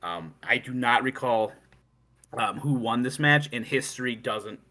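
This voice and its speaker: A man who is a guest on a casual podcast, explaining league records in a lively, chatty way. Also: medium pitch, unhurried.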